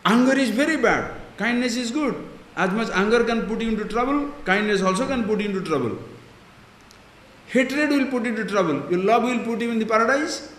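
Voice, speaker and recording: High-voiced male teacher in a roomy hall. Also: animated, brisk, fairly bright tone, slight background noise. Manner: questioning the audience, explaining Sanskrit terms. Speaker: swami, spiritual teacher. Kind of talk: spiritual discourse.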